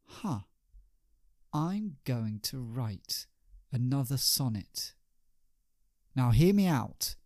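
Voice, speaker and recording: A drunk, lovesick playwright, desperate and self-pitying. A man acts him out in a storytelling podcast, his voice gravelly and slow and climbing into whiny high pleas. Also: big pitch swings, darkish tone, dry recording, clean studio sound, exaggerated voice. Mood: brooding. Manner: pleading, rising to whiny high cries.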